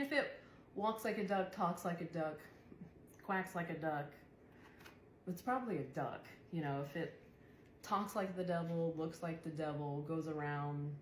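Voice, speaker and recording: A young woman giving a chatty tarot reading who swears and laughs often. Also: low voice. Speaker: tarot reader. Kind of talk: casual tarot reading monologue. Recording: echoey room, faint background noise.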